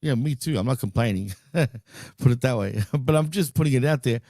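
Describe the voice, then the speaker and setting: A man co-hosting a wrestling podcast in a loose, excitable way, throwing in dude and bro and the odd swear. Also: mid-range voice, normal speed, dry recording, clean studio sound. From Greek heritage. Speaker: podcast co-host. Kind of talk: casual wrestling chat.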